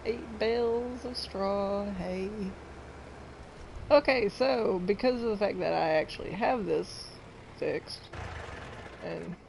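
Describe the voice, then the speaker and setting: A woman's voice: medium pitch, takes it slowly, gravelly, pauses often, a little mellow, a little hiss or hum, poor audio. A woman streaming a farming game, chatting casually and rambling to her viewers. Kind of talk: casual live-stream chat while playing.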